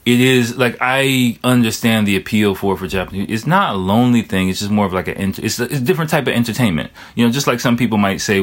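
A young man talks in a loose, rambling monologue with a fairly low voice. He swears freely and leans on filler words as he circles his point. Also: fast talker, few pauses. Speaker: vlogger. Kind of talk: casual storytelling monologue.

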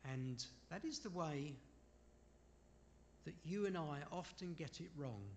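A man preaching a sermon in an unhurried way, asking his listeners rhetorical questions and making apologetic asides. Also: fairly high pitch, darkish tone, slight background noise. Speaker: preacher leading a Bible study.

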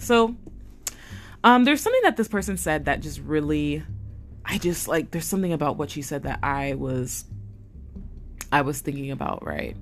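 Young female vlogger, lower pitch, chatty and expressive, faint background music. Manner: animated, swearing, acts out quoted voices. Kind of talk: casual storytime monologue.

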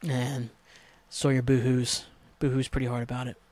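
A man's voice: medium pitch, flat delivery, normal speed, a little mellow, no echo. A man hosting a podcast, casually recapping a TV episode in a rambling, profane, exasperated way. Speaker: podcast host.

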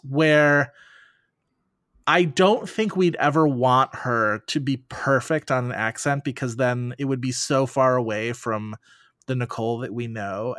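A man of middle pitch talks as a podcast guest, riffing in long, animated run-on thoughts full of "like"s. His voice sounds dry and close, with no room around it. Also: dry recording. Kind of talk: casual podcast chat.

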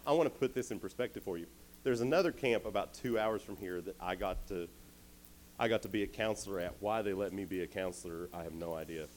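A young adult man, giving a casual, animated storytelling sermon to teenagers. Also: low voice, slight background noise. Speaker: youth speaker.

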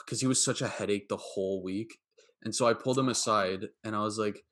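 Podcast host: man, lowish voice, relaxed storyteller, casual asides. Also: a little fast. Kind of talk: casual podcast conversation and anecdote.

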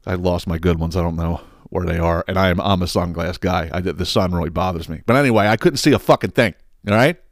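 A man's voice: deep voice, quick pace, hardly any pauses, no echo, clean studio sound. Profane ranting podcast host man. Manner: profane, animated, full of restarts. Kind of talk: ranting storytelling.

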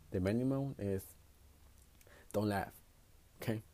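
Speaking slowly in a mellow voice on the low side, a man hosts a casual podcast by himself. His manner is blunt and profane, and he drifts between English and Spanish as he goes.

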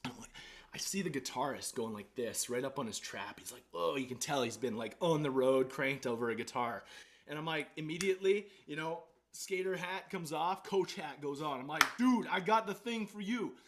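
A young adult man, a podcast guest telling a story in a casual, animated way, acting out his own past lines with lots of fillers and restarts. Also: a little high, fairly quick. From Canada.

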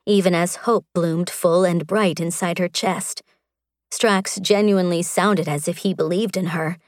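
A woman reading a romance audiobook in a measured, expressive narration. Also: fairly low pitch, no room sound, clean studio sound.

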